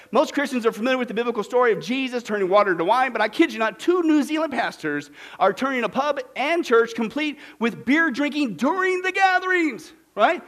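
A man preaching a sermon in a lively, sarcastic way, putting on mocking voices to make his points. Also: extremely high pitch. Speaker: pastor.

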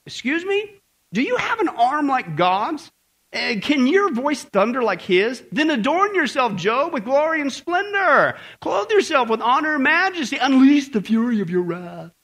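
A man voicing God as a stern father who scolds indignantly, with emphatic, rising lines delivered slowly. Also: extremely high pitch, big pitch swings, a bit bright, voice pushed up, heavily acted.

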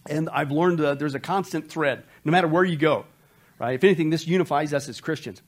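A man preaching a sermon, joking with the congregation, reading funny lines aloud, laughing and shouting now and then. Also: fairly high pitch, brisk. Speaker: pastor. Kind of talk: humorous sermon.

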